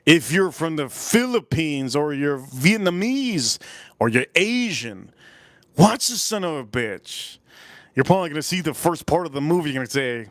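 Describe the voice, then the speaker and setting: A man's voice: a little high, big pitch swings, normal speed, no echo. A man hosting a live stream, rambling and joking crudely while he talks to his chat.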